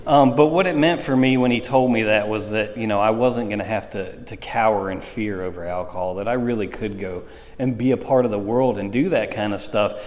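A man's voice: lowish voice, brisk, darkish tone. A man sharing his recovery story at a meeting, talking in a casual, rambling way with many fillers. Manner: conversational storytelling with frequent fillers. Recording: long hall reverb.

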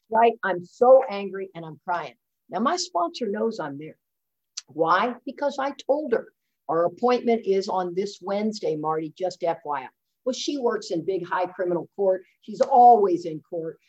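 A woman's voice: medium pitch, normal speed. A woman, telling a personal story to a recovery group and acting out the voices of the people in it. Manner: animated, acts out quoted voices. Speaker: speaker sharing at a recovery meeting.

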